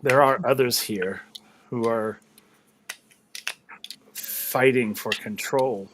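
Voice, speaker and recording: A man voicing a soft, gentle female spirit, speaking tenderly and slowly with longing. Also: mid-range voice, background noise, natural voice.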